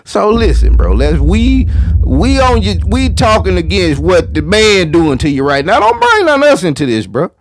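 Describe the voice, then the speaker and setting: A man's voice: sits high, huge pitch swings, normal speed, a little hiss or hum. A man hosting a reaction video, commenting casually on a clip in a slangy, profane way.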